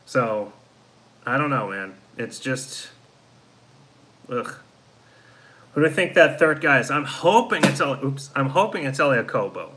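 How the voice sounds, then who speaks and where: A man with a strikingly bright, sharp tone hosts a casual live stream. He talks in a worn-out, deflated way, reading viewer comments aloud and answering each one. His pitch sits in the middle. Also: very animated, unhurried, pauses often, slight background noise, rough recording. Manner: frustrated, deflated fan talk. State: tired, yawning. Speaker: host of a live fan show.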